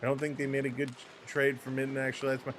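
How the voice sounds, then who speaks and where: A man hosting a live hockey watch-along, calling the play and chatting with viewers, quick to laugh. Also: mid-range voice. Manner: excitable, laughs often, reads out viewer comments.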